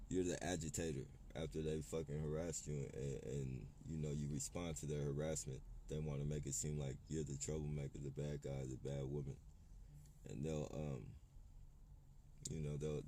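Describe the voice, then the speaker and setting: A man with a very low, dark voice rants straight to his audience, heated and full of profanity. He rambles and trips over his own words as he goes, restarting sentences again and again. A faint hiss of noise sits under the recording. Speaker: vlogger. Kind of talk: unscripted rant to camera.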